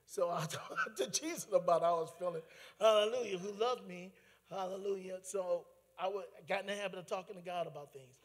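A high-pitched man preaches a personal testimony, his voice ringing through a big hall with a long echo. He tells his story in an animated way, full of asides and laughter. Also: a little fast. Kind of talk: testimony sermon.

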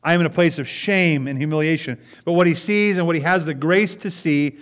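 Pastor, male, slightly high voice, reflective sermon delivery, draws out scripture and repeats points. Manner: repeats key phrases, stretches scripture slowly, asks "Amen?".

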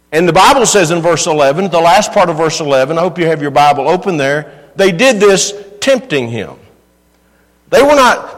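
High-voiced pastor preaching in a hall. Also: male voice, a bit bright. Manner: earnest preaching with rising emphatic questions. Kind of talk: sermon. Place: church sanctuary.

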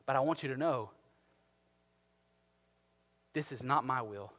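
Animated preacher in a reverberant hall. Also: male voice, medium pitch, a little slow. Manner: animated, rising to emphatic peaks then dropping soft. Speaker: pastor. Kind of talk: sermon.

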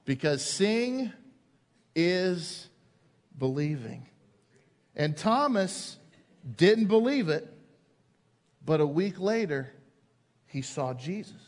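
A male pastor delivers a sermon in a fairly high voice, spinning a personal anecdote and acting out the lines of the people in it. His words ring out with a long reverb, as if from a large church hall. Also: lively intonation, slow, pauses often. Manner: storytelling, acts out quoted voices, builds to emphasis.

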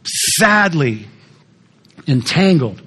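A man's voice: on the high side, very animated, very slow, fairly bright tone, slightly rough. A male pastor preaching a sermon in a conversational storytelling way, putting questions to the congregation.

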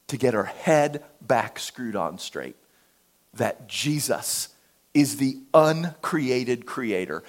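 A man preaching a sermon, conversational and animated, dropping to a hush for emphasis. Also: mid-range voice.

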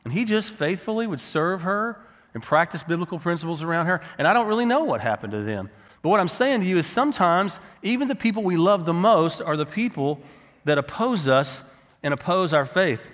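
A man's voice: sits high, big pitch swings, a little fast, a bit bright. A middle-aged man preaching a sermon, telling stories and acting out the people he quotes. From Texas. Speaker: pastor. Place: church sanctuary. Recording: long hall reverb.

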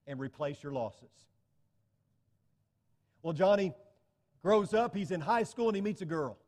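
A man's voice: fairly high pitch, darkish tone, big-room sound. A man preaching a sermon to his congregation, earnest and telling stories to illustrate his points. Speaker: pastor.

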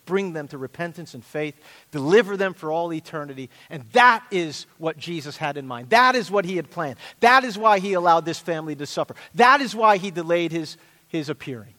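A man's voice: a little high, sharp tone. A middle-aged male pastor preaching an earnest, emphatic sermon with repeated phrases. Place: church sanctuary. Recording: long hall reverb.

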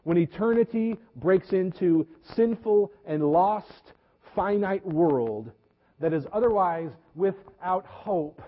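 A man preaching a sermon as pastor, earnest, repeating words and slowing down for emphasis. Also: high-pitched, animated. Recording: echoey hall, dull lo-fi sound.

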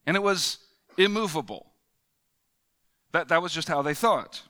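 A man's voice: a little high, expressive, unhurried, long pauses, sharp tone. A man preaching a conversational sermon, reading scripture and explaining it with casual fillers and restarts. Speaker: pastor.

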